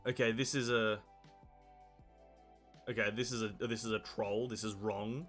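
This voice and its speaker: A man's voice: fairly low pitch, level tone, unhurried, pauses often, a bit bright, faint music behind. An Australian man, a game streamer, chatting casually on a live stream in a blunt, profane, opinionated and rambling way.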